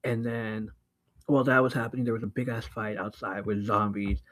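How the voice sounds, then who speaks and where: A man hosting a podcast, casually recapping a book, excitable and laughing often, swearing freely. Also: on the low side, brisk, poor audio. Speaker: podcast host.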